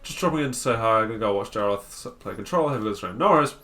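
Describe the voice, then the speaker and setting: A man's voice: fairly low pitch, expressive, racing, bright, forceful tone. A man streaming a card game, thinking aloud in a wry, self-mocking, casual way. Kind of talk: casual gameplay commentary.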